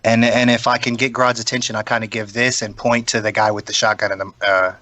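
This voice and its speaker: A man's voice: fairly low pitch, little pitch movement, quick pace, sharp tone, no room sound. A man playing a tabletop role-playing game, describing his character's actions with jokes and swearing. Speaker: player.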